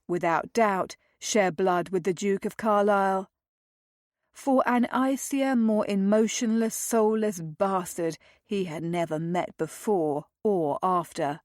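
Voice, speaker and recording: A woman narrating a romance novel aloud in a measured, dramatic reading. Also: medium pitch, a little mellow, no echo, clean studio sound. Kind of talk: audiobook narration.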